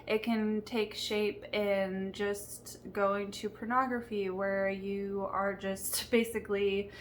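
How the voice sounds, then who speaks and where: Slow-spoken earnest young woman vlogger. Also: medium pitch, level tone, a little hiss or hum. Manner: earnest, conversational, candid. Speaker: Christian vlogger. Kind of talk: faith-based personal talk to camera.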